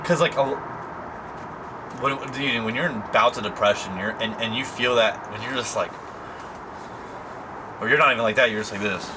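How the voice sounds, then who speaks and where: A young man talks straight to his camera in a loose, rambling way, full of fillers and casual slang. His voice sits at an ordinary middle pitch. A clear, steady background noise runs under everything he says. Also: normal speed, pauses often. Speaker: vlogger.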